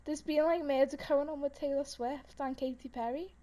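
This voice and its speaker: A young woman with a high voice chats on a podcast. She rambles through gossip with plenty of "um" and "like", and she giggles often. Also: steady tone, moderate pace, mellow. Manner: rambling, giggly storytelling with many fillers. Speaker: podcast co-host. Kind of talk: casual chat.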